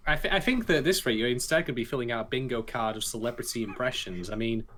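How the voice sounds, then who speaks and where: A man's voice: mid-range voice, fast talker, a bit bright, slight background noise. A man co-hosting a podcast in casual chat, joking, teasing and swearing freely. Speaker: podcast co-host.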